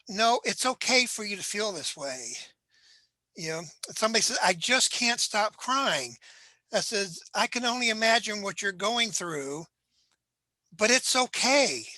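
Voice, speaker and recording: A suicide prevention trainer giving unscripted advice on grief, talking in an earnest, gentle way with many "you know" asides. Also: medium pitch, no room sound, low-quality recording.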